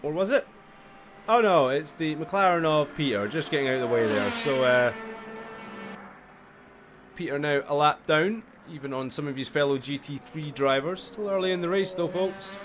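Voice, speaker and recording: Male race commentator, slightly high voice, tired but chatty, live stream with clear background noise. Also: normal speed. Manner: chatty, apologetic, bursts into excited yelps. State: tired, yawning. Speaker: sim racing commentator.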